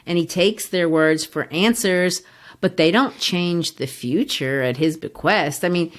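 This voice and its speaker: A woman with a somewhat low voice leads a casual literature discussion. She explains ideas patiently in a teacherly way and sounds out the beats of verse as she goes. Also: unhurried. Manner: explanatory, teacherly, taps out rhythms aloud. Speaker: podcast co-host.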